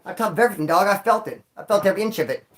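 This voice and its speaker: A man hosting a livestream, telling stories in a casual, slangy, animated way and acting out sounds and voices. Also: sits high, rapid-fire. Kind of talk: casual storytelling to a live audience.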